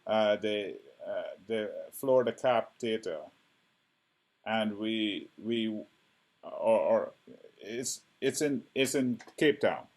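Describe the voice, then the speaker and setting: A man's voice: fairly low pitch, slow pace, a little mellow. A man who is an actor and director, chatting as a podcast guest, enthusiastic and often asking "right?". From Canada. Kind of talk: casual chat.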